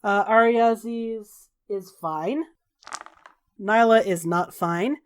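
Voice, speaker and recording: Woman game master calling the rules. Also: medium pitch. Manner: brisk, rule-calling with offhand fillers. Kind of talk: narrating a tabletop game.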